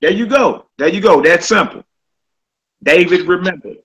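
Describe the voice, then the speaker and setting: Bright-voiced man teaching Hebrew. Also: high-pitched, unhurried, long pauses, slightly rough, poor audio. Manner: relaxed, repeats words, checks in with "all right?". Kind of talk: casual classroom teaching.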